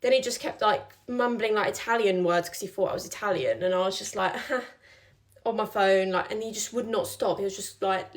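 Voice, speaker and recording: Young woman, casual chatty storyteller, medium-pitched voice. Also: normal speed. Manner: chatty, many "like"s, acts out quoted lines.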